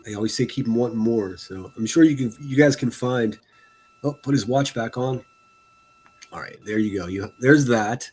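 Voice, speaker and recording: Man, live-stream host, husky voice, middle pitch, casual commentary, crude jokes, laughs a lot. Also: moderate pace, darkish tone. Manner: joking, laughs often, crude teasing humor.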